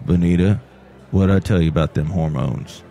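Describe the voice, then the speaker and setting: A man voicing a disgruntled male fiddle player who talks in a low, folksy drawl. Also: normal speed, vocal fry, dark tone. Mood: grumbling.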